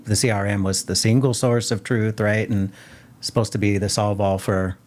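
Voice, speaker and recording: Host: man, low voice, conversational, keeps prompting the guest with questions. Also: little pitch movement, normal speed, darkish tone, a little hiss or hum. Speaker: podcast host. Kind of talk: casual podcast interview.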